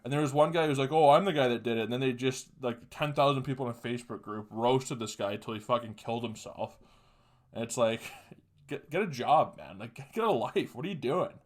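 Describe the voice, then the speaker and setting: Young dude podcasting, cursing constantly, blunt and mocking, regular mid voice. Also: male voice, mid-range voice, a little fast. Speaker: podcast host. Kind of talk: casual monologue.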